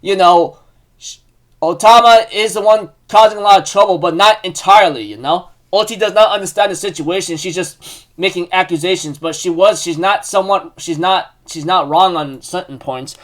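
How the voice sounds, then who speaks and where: Young man, high-pitched, rambling, filler-heavy, casual recap host. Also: moderate pace, a bit bright. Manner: rambling, full of fillers and restarts.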